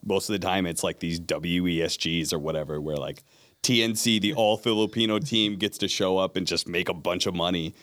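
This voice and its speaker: A man's voice: deep voice, brisk, fairly bright tone. A man who works as an esports play-by-play caster, chatting casually and animatedly in an interview, laughing often.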